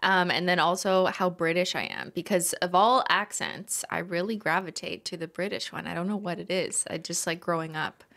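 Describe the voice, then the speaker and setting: Playful woman with a lowish voice. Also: normal speed, gravelly, few pauses, a bit bright. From Canada. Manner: playful, giggly, chatty. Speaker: podcast co-host. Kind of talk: casual podcast chat.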